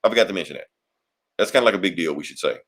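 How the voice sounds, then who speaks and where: A man's voice: low-pitched, lively intonation, very fast, a bit bright. A man co-hosting a podcast, recapping a comic in rambling, profane casual chat. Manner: rambling, profane, laughs often. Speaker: podcast co-host.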